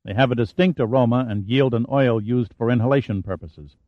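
A man voicing a tense male helicopter pilot in a low, grave, insistent tone, in a dull, dry audiobook recording. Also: brisk, no room sound, close to an everyday voice. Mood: urgent.

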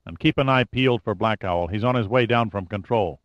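A man's voice: lowish voice, fairly quick, dry recording, natural voice. A man voicing a male federal agent who talks in short, clipped radio phrases. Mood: urgent. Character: male federal agent, steady then shaken.

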